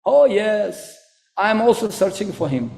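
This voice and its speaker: A man doing a calm old seeker with a Russian accent. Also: high voice, unhurried, creaky, roomy sound, heavily acted, poor audio.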